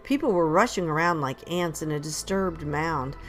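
A woman reading a first-person audiobook in a measured, steady storytelling manner. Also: low-pitched, soft background music. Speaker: audiobook narrator.

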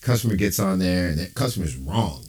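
A man's voice: sits low, a little fast. A male comedian doing a rambling, profane stand-up rant with frequent chuckles. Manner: animated, profane, rambling rants with laughs.

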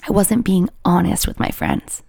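A woman's voice: fairly low pitch, wildly swooping pitch, moderate pace, creaky, warm tone, breathy edge, no echo, clean studio sound. A woman in her twenties, a YouTuber telling a personal story to her viewers in a candid, rambling way, full of "like" and restarts. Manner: rambling, confessional, heavy with "like" and restarts.

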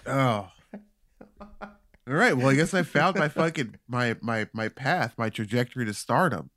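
A man's voice: medium pitch, expressive, fairly bright tone, no echo. Rambling, dry-sounding male podcast host. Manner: rambling, profane, halting restarts. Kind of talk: casual comedy podcast chat.

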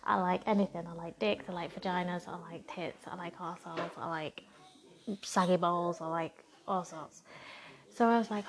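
A woman's voice: fairly low pitch, steady tone, moderate pace. A woman, talking frankly in a casual monologue, swearing heavily and sounding defiant. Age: 30s. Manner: blunt, heavy swearing, defiant. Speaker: content creator.

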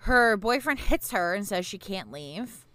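A woman's voice: medium pitch, measured pace. A woman in her twenties co-hosting a podcast, recapping bluntly in casual chat. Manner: lively storyteller, blunt. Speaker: podcast co-host.

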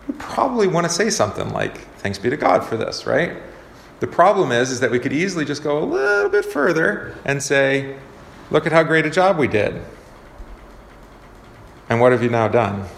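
In a relaxed Bible study session, a male pastor teaches conversationally, peppering his talk with fillers and frequent questions for the group. His voice is mid-range and creaky. The recording carries a roomy echo and some faint background noise.

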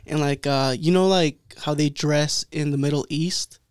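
A man's voice: normal speed, clean tone, no room sound, studio quality. Swearing, storytelling young man. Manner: animated storyteller, acts out quotes in a higher voice, swears a lot. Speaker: podcast co-host. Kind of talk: casual chat.

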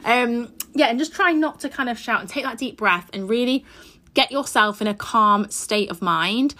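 A woman's voice: on the high side, lively intonation, normal speed, bright, forceful tone. A woman hosting a solo parenting podcast from her mother's house, chatting in a reassuring way and offering tips. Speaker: podcast host. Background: aeroplane overhead at times.

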